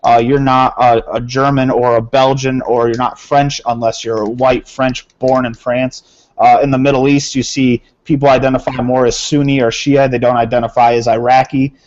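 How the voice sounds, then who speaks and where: A man lays out his view in an even, deliberate way, pausing on fillers as he thinks. His voice sits in a middle range. The recording sounds dull and lo-fi. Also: mid-range voice. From United States. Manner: measured, thoughtful, with fillers. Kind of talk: casual political discussion. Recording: muffled lo-fi recording.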